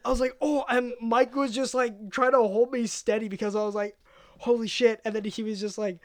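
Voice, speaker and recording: A young man, a comedian, telling a story in casual chat, animated, swearing and laughing as he goes. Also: extremely high pitch, a little fast, dry recording.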